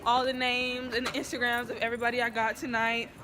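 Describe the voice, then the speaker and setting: A woman's voice: fairly high pitch, little pitch movement, quick pace, pushed and bright, slight background noise. A young woman hosting her vlog, signing off in a chatty, teasing way. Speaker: vlogger host. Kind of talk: casual vlog sign-off.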